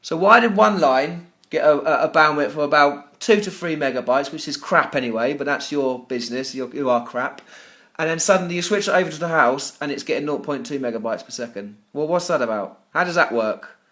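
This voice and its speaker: This is an exasperated British man with a high, strained voice, venting at a customer service agent. His complaint turns sarcastic and profane, and he stumbles over the same words again and again. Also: brisk, a bit bright. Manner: furious, ranting, sarcastic, stammering repetitions; swears often. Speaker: business owner calling customer service. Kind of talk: phone complaint call.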